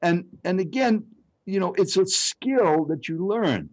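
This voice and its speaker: A man's voice: sits high, a little slow, no room sound, low-quality recording. An older man, a speech coach, telling dramatic personal stories as an interview guest. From Arizona, United States. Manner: animated, dramatic storyteller. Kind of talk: storytelling interview.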